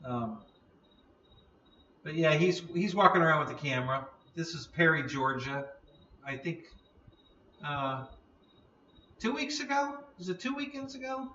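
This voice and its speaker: A man's voice: on the high side, expressive, unhurried, pauses often, bright, forceful tone, roomy sound, distant mic, dull audio, slight background noise. A man hosting a casual live stream, chatting in a rambling way, laughing often and yawning.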